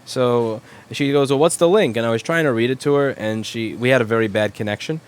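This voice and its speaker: A man's voice: mid-range voice, steady tone, fairly quick, smooth. A young man hosting a casual livestream, answering viewers' questions in a blunt, rambling, profane way. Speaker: livestream host, repair shop owner.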